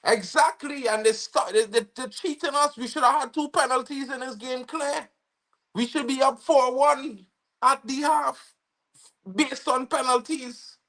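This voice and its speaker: Excitable Trinidadian man calling a match. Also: very high-pitched, measured pace. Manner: excitable, slangy, bursts into shouting at goals. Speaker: football fan livestream host. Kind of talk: live match watch-along commentary.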